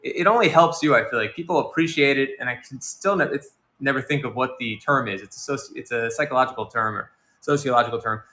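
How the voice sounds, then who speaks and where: A man's voice: medium pitch, quick pace, sharp tone. A man hosting a casual livestream, chatting loosely and reading out and answering viewer comments. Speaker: livestream host.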